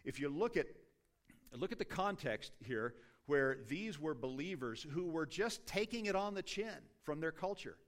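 A man's voice: fairly high pitch, animated, normal speed. A middle-aged man preaching a sermon in a conversational, self-deprecating way, stopping often to restart his sentences. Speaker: pastor.

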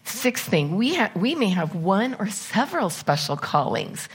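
A woman's voice: medium pitch, big pitch swings, a little slow, husky. A middle-aged woman gives a conversational sermon as a church speaker. She tells personal stories candidly and works through a numbered list of points.

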